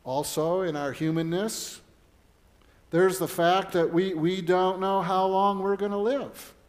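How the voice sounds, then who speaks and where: Middle-aged male pastor with a high voice, earnest sermon delivery with stories. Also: steady tone, measured pace. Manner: earnest preaching mixed with personal storytelling.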